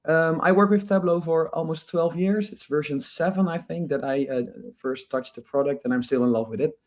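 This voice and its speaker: A man with a cold, a bit hoarse, answering as a guest on a video call and often restarting his sentences. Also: fairly high pitch, moderate pace, darkish tone. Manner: restarts, repeats words. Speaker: guest, company founder. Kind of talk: casual interview talk.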